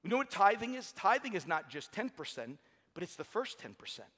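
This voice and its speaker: A man's voice: sits high, big pitch swings, fairly quick, sharp tone. A middle-aged man preaching a sermon with energy and humor in a large church. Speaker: pastor. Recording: long hall reverb.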